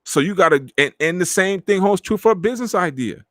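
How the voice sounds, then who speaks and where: A man's voice: sits high, fairly quick, dry recording. Streetwise man on his podcast, dry sound. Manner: streetwise slang, animated, acts out quoted friends. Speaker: podcast host. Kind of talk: casual motivational talk.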